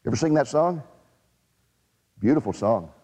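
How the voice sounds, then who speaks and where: Man, preacher, dramatic sermon, rhetorical questions, lively swooping pitch, reverberant hall. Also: moderate pace.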